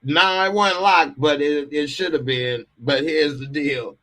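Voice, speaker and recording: Man, podcast host, storytelling, bright tense voice, slightly high, laughs a lot. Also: unhurried. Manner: laughs often while telling the story, acts out voices. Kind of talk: animated storytelling on a live call-in show.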